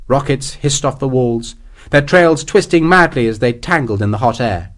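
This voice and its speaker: A man's voice: mid-range voice, lively intonation, normal speed. A man reading an audiobook as its narrator in a dramatic, vivid way. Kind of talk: scripted narration.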